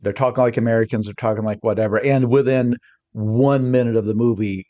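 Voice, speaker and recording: A man talking as a podcast guest, energetic and rambling, often restarting his sentences mid-thought. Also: medium pitch, a little fast, muffled recording. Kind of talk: casual podcast discussion.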